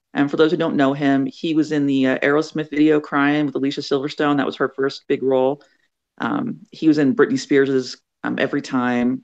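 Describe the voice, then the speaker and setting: A woman's voice: rumbling low, dull audio. A middle-aged woman author, a guest, telling chatty anecdotes and acting out the voices in them. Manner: acts out quoted voices, chatty. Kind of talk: animated storytelling in an interview.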